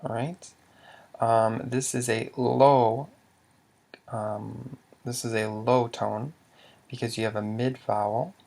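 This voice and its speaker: A man teaching tone rules step by step, with a methodical manner, saying each example word louder than the rest. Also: medium pitch, fairly even intonation, vocal fry. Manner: slow and methodical, says Lao example words louder. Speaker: language teacher. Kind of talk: screen-recorded tutorial explanation.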